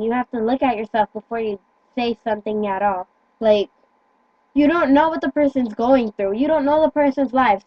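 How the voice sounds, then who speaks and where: A woman's voice: fairly high pitch, no room sound, highs cut off. A teenage girl talking earnestly into a phone in casual chat, rambling and stumbling over her words. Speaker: teen vlogger.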